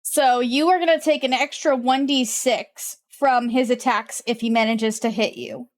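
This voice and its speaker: A woman's voice: a little high, fairly even intonation, measured pace. A young woman running a tabletop game, thinking aloud while she checks the rules. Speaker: game master.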